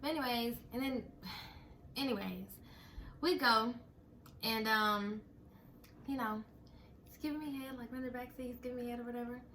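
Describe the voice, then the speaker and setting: A young woman telling a story in casual chat, animated and breaking into laughter as she retells it. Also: fairly high pitch, normal speed, pauses often, slight background noise. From Texas. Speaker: storyteller host.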